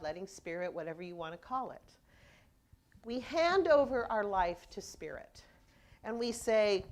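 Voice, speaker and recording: A woman minister preaching a conversational sermon, telling stories and acting out people's reactions as she goes. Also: mid-range voice.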